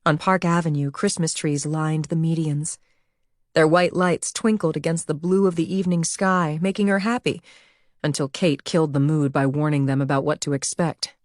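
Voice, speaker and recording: Low-voiced woman narrating a thriller. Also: fairly even intonation, normal speed, no room sound, clean studio sound. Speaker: audiobook narrator. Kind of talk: scripted narration.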